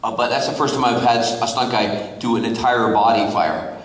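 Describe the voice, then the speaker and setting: A man, an actor guest on a convention panel, telling an animated story to a crowd with lots of laughing and fillers. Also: medium pitch, fairly quick. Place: convention hall panel room. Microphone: distant from the recording mic. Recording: echoey hall from far off.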